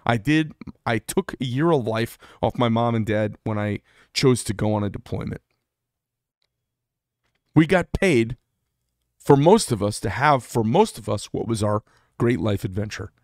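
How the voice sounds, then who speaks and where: A man's voice: medium pitch, expressive, measured pace, long pauses, a little mellow, dry recording, clean studio sound. A middle-aged man who served in the military gives a candid, rambling monologue, blunt and prone to restarting his sentences. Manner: blunt, rambling, self-interrupting. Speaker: veteran vlogger.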